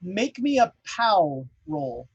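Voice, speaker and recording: A man's voice: high-pitched, big pitch swings, takes it slowly, muffled recording, noisy background. A man narrating a tabletop horror game as game master, rambling with many fillers.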